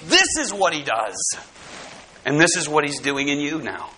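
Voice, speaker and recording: Male preacher, sermon, high voice, bright and forceful, dramatic swings from loud to quiet. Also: lively intonation, fairly quick, low-quality recording. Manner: speaks straight to the congregation.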